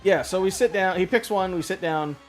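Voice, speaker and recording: A man's voice: sits high, a little fast, soft background music. A man in his thirties chatting casually while playing a game, telling a story with lots of swearing. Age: 30s. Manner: swears freely, animated storytelling. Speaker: gaming channel host. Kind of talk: casual chat over a game playthrough.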